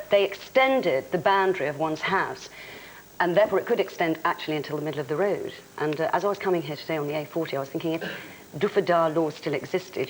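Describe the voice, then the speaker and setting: A man's voice: fairly high pitch, poor audio. A man on a TV panel game rambles playfully with many fillers as he bluffs a definition. A faint hiss sits behind him.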